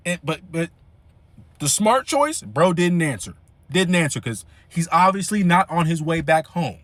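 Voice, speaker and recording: Animated young man telling a story. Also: fairly high pitch, measured pace, dry recording. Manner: animated, slangy, frequent fillers. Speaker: vlogger. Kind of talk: casual storytelling.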